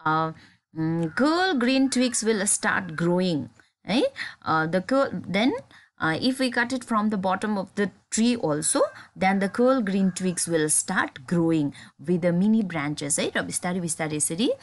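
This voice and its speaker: A woman teacher with a Nepali accent, explaining a poem in halting English and Nepali and checking in often with her students. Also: medium pitch, expressive. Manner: halting, many fillers and restarts.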